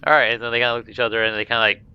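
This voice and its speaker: A man's voice: medium pitch, flat delivery, rapid-fire, smooth, muffled recording. A man narrating a tabletop game as game master, in a loose, casual way with many fillers.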